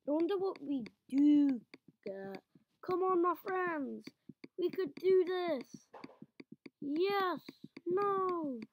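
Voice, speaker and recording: Woman, let's-play commentator, high voice, unhurried, playful. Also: a little mellow, a little hiss or hum. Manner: playful, chatty, talks to the game characters. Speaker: gameplay commentator.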